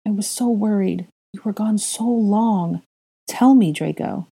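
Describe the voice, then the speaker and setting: Woman doing a tearful, pleading young mother; mellow voice. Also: medium pitch, a little slow, gravelly, husky, pitched above the performer's own voice. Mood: worried.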